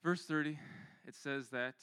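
A man preaching a conversational, animated sermon full of rhetorical questions. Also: fairly high pitch, measured pace, smooth, no echo.

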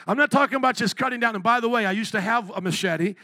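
A man preaching a sermon as pastor, animated and asking the congregation questions. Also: extremely high pitch, fast, no echo. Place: church.

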